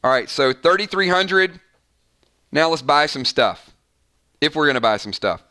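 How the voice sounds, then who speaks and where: Chatty male game master with a bright, crisp voice, easygoing stream talk. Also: fairly high pitch, lively intonation, unhurried. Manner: chatty, tallies numbers aloud. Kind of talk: casual live-stream chat running a role-playing game.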